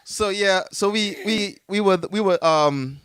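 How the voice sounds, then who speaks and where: A man's voice: sits high, unhurried, noisy background. A man with a Jamaican accent telling a story in a casual interview, rambling with many fillers and frequent laughter. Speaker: artist telling his story as a guest.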